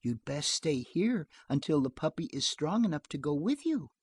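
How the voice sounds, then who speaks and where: Narrator doing a soft calm young mom, soothing and restrained, gently talking her kid round, dry close audiobook sound. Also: mid-range voice, normal speed, husky, dry recording. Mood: gentle coaxing.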